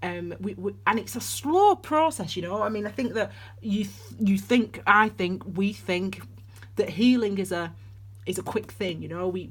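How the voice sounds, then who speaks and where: A woman's voice: mid-range voice, lively intonation, measured pace. A woman giving a casual tarot and astrology reading, rambling and chatty with many restarts, calling her viewers darlings. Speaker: tarot reader.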